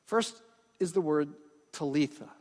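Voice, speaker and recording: A man's voice: fairly high pitch, a little slow, a little mellow, in a large hall. A male pastor preaching a sermon in a conversational way, with frequent asides and check-ins with the congregation.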